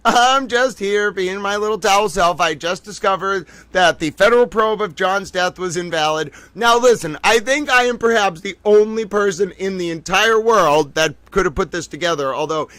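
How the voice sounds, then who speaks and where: High, bright-voiced excitable male streamer. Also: normal speed, few pauses, dry recording. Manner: excitable, profane, rambling. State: tired from being up all day. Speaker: livestream host. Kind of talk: late-night livestream commentary.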